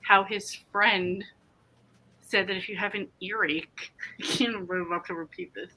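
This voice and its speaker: A woman's voice: medium pitch, steady tone, measured pace, sharp tone, low-quality recording. A woman hosting a casual livestream, chatting and reading out viewer comments. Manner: chatty, reads comments aloud and riffs on them. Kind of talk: casual chat.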